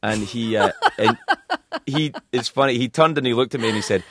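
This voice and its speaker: A man's voice: mid-range voice, brisk, a bit bright. A man telling rambling, self-deprecating stories as a guest in a radio studio interview. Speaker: talk show host as guest.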